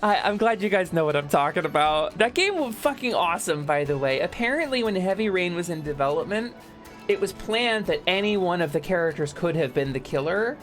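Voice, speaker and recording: Young woman, game streamer, low voice, swooping lively pitch, faint music behind. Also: a little fast. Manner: animated, joking, shouts bits and laughs often. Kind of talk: casual game stream chat.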